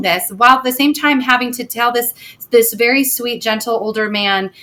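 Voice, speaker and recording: A woman speaking as a guest on a talk show, talking emphatically and getting loud at times. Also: fairly high pitch, moderate pace. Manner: emphatic, gets loud when retelling confrontations. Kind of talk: casual chat.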